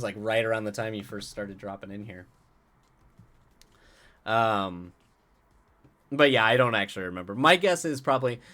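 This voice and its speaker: A man's voice: mid-range voice, fairly bright tone. Chatty man rambling on a live stream. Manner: rambling, halting, with frequent restarts and chuckles; answers chat directly, playful. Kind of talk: casual stream chat and reading a story aloud.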